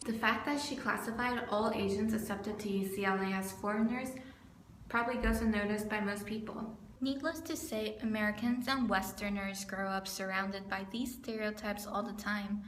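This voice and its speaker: A young woman from California, a student narrating her video essay from a script, earnest and steady. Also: mid-range voice, normal speed. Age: young adult. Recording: roomy with faint background noise.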